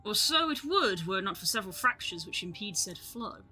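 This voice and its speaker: A woman's voice: medium pitch, fairly quick, pushed and bright, soft background music, lightly acted. A woman voicing a verbose male scholar who talks in old-fashioned Shakespearean phrasing, reading game lines aloud. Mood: solemn.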